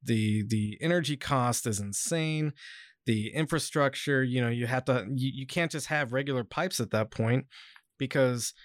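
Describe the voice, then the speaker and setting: A man's voice: medium pitch, normal speed, no room sound, clean studio sound. A man hosting a casual podcast, rambling with lots of fillers and swearing, sometimes reading an article aloud. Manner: reads article passages aloud. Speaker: podcast host.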